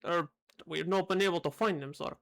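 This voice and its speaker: A woman's voice: lowish voice, brisk, vocal fry. A nervous castle guard who stammers out an apology, as a woman voices him. He speaks with a put-on accent and a hesitant, deferential manner, like a minor soldier in a fantasy game. The delivery stays unsure throughout. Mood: apologetic.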